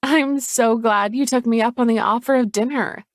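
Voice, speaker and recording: A woman's voice: on the high side, fairly even intonation, moderate pace, no room sound, clean studio sound, pitched above the performer's own voice, close to an everyday voice. Woman putting on a cheery, falsely sweet accountant. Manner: cheery, bright.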